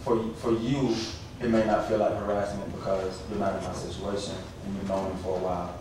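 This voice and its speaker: A man's voice: deep voice, little pitch movement, brisk. A man, a pastor speaking out with passion and indignation at a council meeting. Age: 30s. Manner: impassioned, rising to pleading and indignant. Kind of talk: public comment at council meeting. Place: council chamber. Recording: echoey room from far off with faint noise.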